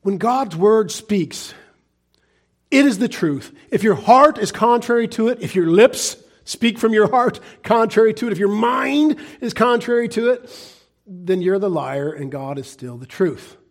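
High-voiced man preaching earnestly. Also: animated, measured pace. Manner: earnest, pleading, swings from loud urging to hushed asides. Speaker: pastor. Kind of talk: sermon.

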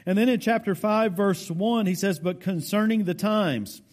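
A man with a notably high voice preaches a verse-by-verse sermon. His delivery is deliberate and explanatory, leaning on key words for emphasis while addressing the congregation directly. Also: a little mellow. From United States. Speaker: pastor. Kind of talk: sermon, verse-by-verse Bible teaching.

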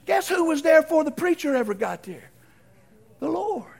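A middle-aged man preaching a folksy storytelling sermon, animated and acting out the voices in his stories. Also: very high-pitched, normal speed, vocal fry.

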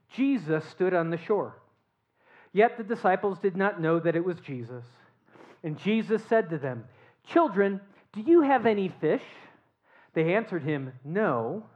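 A pastor preaching a sermon, telling the story with animated rhetorical questions and often dropping to a hushed tone. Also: mid-range voice. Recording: dull lo-fi sermon recording.

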